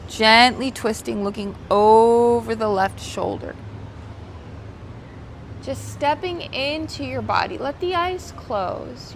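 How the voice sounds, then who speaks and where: Woman, yoga instructor, gentle unhurried cues, slightly high voice, faint outdoor noise. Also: gravelly. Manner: slips into Spanish cues. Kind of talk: guided yoga class. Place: outdoors by the ocean.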